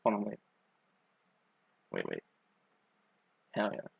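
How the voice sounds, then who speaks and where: A man's voice: fairly low pitch, wildly swooping pitch, takes it slowly, creaky, husky, no echo, highs cut off. Young man, slithery lisp on his S's, rambling live-stream chat, dry close sound. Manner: rambling, many ums and likes, self-conscious.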